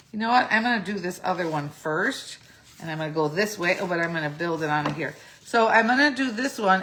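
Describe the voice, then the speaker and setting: A woman's voice: medium pitch, creaky, a bit bright, slight background noise. Chatty woman demonstrating a craft. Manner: chatty, thinks aloud, self-correcting. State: clearing a phlegmy throat. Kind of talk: casual step-by-step craft tutorial.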